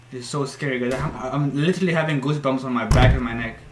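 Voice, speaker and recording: A young man, a YouTuber playing a horror game, jumpy and swearing, letting out shrieks when startled. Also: medium pitch. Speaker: gaming YouTuber. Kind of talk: horror game let's play commentary. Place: room at home. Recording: echoey room with faint noise.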